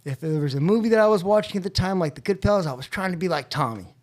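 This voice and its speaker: A man's voice: sits high, lively intonation, fast. Earnest man telling his story. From California. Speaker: podcast guest. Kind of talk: casual recovery story.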